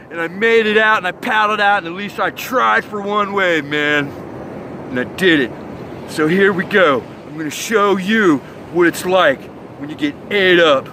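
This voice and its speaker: A man doing a comedic surfer monologue, rambling in surfer-bro slang and acting out his story with loud sound effects and yells. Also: high voice, a little hiss or hum, low-quality recording. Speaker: comedic host. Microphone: phone.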